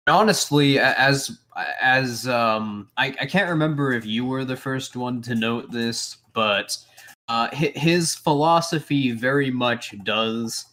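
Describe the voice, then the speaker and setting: A man's voice: mid-range voice, slow pace, a bit bright. A man co-hosting a casual political commentary stream, talking emphatically and often restarting his phrases. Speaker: co-host.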